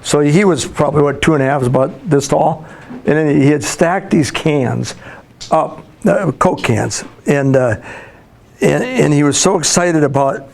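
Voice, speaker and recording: An older man speaks to a class of students, slightly high in pitch for a man. He tells homespun stories, stopping and restarting with plenty of fillers. His talk is easygoing and motivational. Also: unhurried, vocal fry, darkish tone. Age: 60s. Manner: folksy storytelling with frequent fillers and restarts. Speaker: guest speaker, school counselor.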